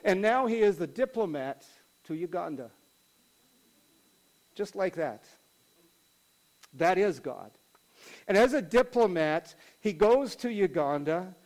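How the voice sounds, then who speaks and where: High-pitched guy preaching, chatty animated storyteller. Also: low-quality recording. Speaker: pastor. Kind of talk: sermon storytelling.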